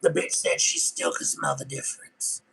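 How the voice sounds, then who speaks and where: A man doing a brash trailer-park woman with a gravelly, husky voice that sits a bit high. She rambles crudely through her gossip, and her pitch jumps all over. It plays as a comedic character monologue. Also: huge pitch swings, moderate pace, a bit bright, full character voice, rough recording.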